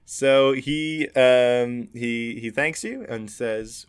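A man's voice: mid-range voice, very slow, hardly any pauses, smooth. A man narrating a tabletop game as game master. He rambles through descriptions with frequent fillers and self-corrections, and often breaks into laughter.

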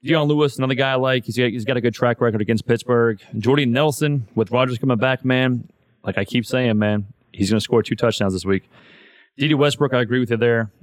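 A man's voice: mid-range voice, brisk, no room sound, clean studio sound. A man hosting a podcast in casual chat, loose and profane, saying "man" all the time. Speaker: podcast host.

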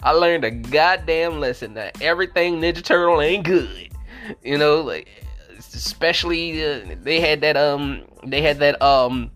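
A man hosting a casual review vlog who rambles through childhood memories. His speech is full of "like" fillers and swearing, and he breaks into laughter often. His pitch moves in a lively, animated way. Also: unhurried, faint music behind. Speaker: host of a movie review show. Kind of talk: casual nostalgic vlog chat.

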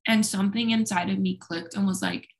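A woman's voice: mid-range voice, steady tone, fairly quick. A young woman speaking openly and at length as an interview guest, talkative and self-deprecating. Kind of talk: candid personal conversation.

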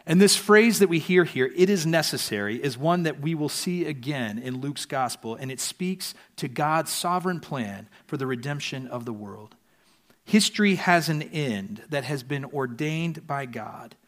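Male pastor, sermon, earnest, fairly high voice, softens at line ends. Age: adult parent.

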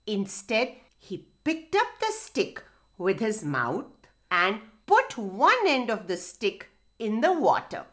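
A woman reads a story to children in a bright, lively, sing-song voice. She takes her time, slow and expressive, with faint music behind her. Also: medium pitch.

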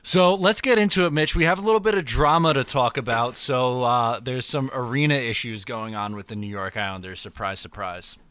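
A man's voice: medium pitch, steady tone, brisk, hardly any pauses, fairly bright tone, smooth, no echo. A man hosting a casual chat in a laid-back way, with fireworks popping outside. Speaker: podcast host.

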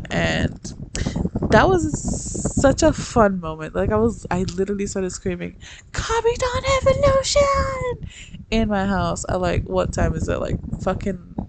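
A young adult speaker giving a casual, rambling review with quick asides and laughter. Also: mid-range voice, gravelly. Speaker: book reviewer. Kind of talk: casual chat. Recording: loud background noise.

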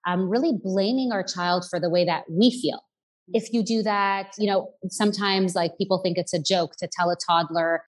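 A woman's voice: lowish voice, normal speed, poor audio. A woman parenting coach speaking as a podcast guest, explaining patiently and acting out what parents say to children. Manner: explanatory, acts out parents' phrases. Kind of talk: casual podcast conversation.

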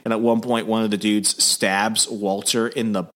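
A man's voice: on the low side, moderate pace. Guy hosting a podcast, casual comic recap, chatty with lots of ums. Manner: animated storytelling with many fillers. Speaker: podcast host.

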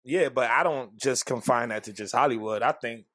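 A man's voice: mid-range voice, moderate pace, no room sound, clean studio sound. Profane joking man on a podcast. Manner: profane, joking, acts out loud shouted bits. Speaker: podcast co-host. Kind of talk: casual podcast chat.

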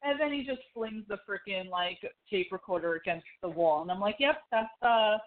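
A talkative podcast co-host recaps a TV episode in loose, meandering casual chat, breaking into laughter and lots of "um" and "like". The voice sits at a middle pitch, and the sound comes through thin and squeezed like a phone call. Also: lively intonation, fairly quick. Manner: rambling, laughing, full of fillers and acted quotes. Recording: tinny phone-like line.

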